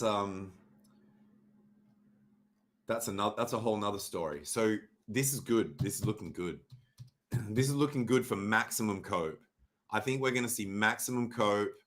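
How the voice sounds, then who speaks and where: A young adult man hosting a casual livestream, sarcastic and mock-dramatic, swearing freely and often clearing his throat. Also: medium pitch, a bit bright. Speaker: livestream host reviewing crypto charts. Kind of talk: casual livestream chart talk.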